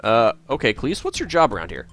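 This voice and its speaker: A man casually commenting while playing a game, musing and hesitant with many pauses. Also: medium pitch, wildly swooping pitch, a bit bright, faint music behind. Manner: musing, hesitant, lots of uhs. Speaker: let's player.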